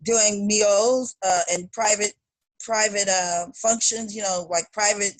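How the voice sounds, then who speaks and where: Speaking slowly at a medium pitch, a middle-aged woman from Chicago, a singer, makes casual interview conversation and brings her relatives' words to life with animated impressions. There is no room sound.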